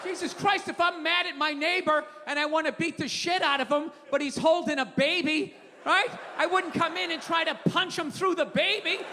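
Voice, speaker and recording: An older man doing a stand-up comedy set, ranting loudly and profanely, often shouting his punchlines. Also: extremely high pitch, fairly even intonation, normal speed. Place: large theater stage before a crowd. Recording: live hall reverb, loud crowd noise. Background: audience laughter and applause.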